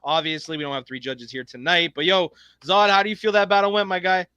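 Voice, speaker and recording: A man hosts a rap battle with a high, crisp, bright voice, calling time and hyping up both rappers. His voice sounds dry and close. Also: fairly even intonation, fast, dry recording. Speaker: battle host. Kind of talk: hosting a rap battle on a live stream.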